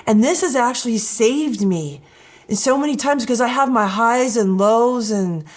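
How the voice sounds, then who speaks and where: A woman who is a reality show contestant, telling animated and emotional personal stories in a candid interview. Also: on the high side, unhurried.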